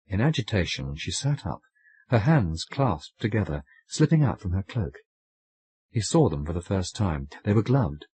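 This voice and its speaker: A man narrating an audiobook story in a measured, wry storytelling manner. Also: low voice, very animated, darkish tone, breathy edge, dry recording. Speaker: audiobook reader.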